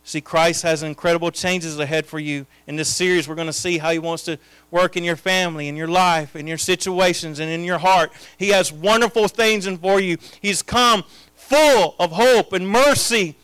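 Impassioned high-voiced male preacher. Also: normal speed, clear, resonant tone, dry recording. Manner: impassioned, swinging from hushed to loud. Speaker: pastor. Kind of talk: sermon.

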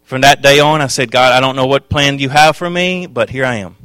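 A man preaching a sermon, telling his own testimony with passion, dropping to a hush and then rising loud. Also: mid-range voice, a little fast, clear, resonant tone, no echo, soft background music. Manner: impassioned, swings from hushed to loud.

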